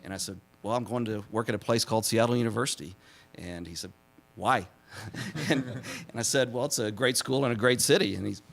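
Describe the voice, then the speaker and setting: Chatty low-voiced man giving a talk. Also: brisk, vocal fry. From Texas. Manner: self-deprecating, laughs at his own jokes, many fillers. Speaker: symposium speaker, former press secretary. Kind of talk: public talk with anecdotes.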